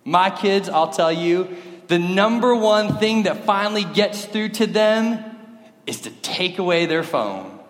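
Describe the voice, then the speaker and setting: A man with a high voice preaches a sermon, chatting and joking with the congregation. He is middle-aged, and the room around him is roomy, with a long ringing reverb like a church sanctuary. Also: expressive, unhurried. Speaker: pastor.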